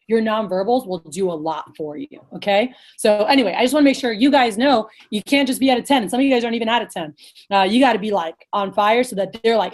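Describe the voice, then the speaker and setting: Over a video call, a woman talks quickly while coaching sales managers in a frank, high-energy, informal style, acting out spirited sales pitches and occasionally cursing.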